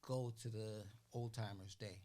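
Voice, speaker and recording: An older man, a guest on a podcast, telling stories in a casual, animated way. He acts out the voices of the people he quotes and keeps asking "you know what I'm saying?". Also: lowish voice, a little slow. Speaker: interview guest. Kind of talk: casual storytelling.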